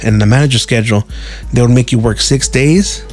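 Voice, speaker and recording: A man's voice: medium pitch, brisk, a little mellow, faint music behind. A man telling a rambling personal story in a casual, slang-heavy, profane way. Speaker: podcast host.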